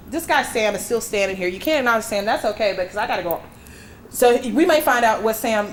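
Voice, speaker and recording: A woman medium giving a live reading to an audience member at an expo, reassuring and emphatic, with breathy exclamations. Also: mid-range voice, a little hiss or hum. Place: expo hall.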